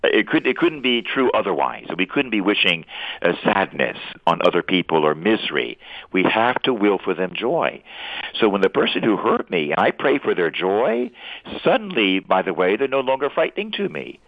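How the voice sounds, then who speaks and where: Animated priest on a tinny phone line. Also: male voice, fairly low pitch, moderate pace, no room sound. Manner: animated, earnest, playful asides. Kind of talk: radio talk, preaching.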